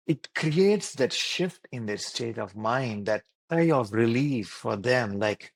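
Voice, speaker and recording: A doctor, speaking earnestly as a podcast guest and explaining with repeated phrases and lists. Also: male voice, medium pitch, animated, takes it slowly, gravelly, few pauses, no echo. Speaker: doctor and wellness program creator.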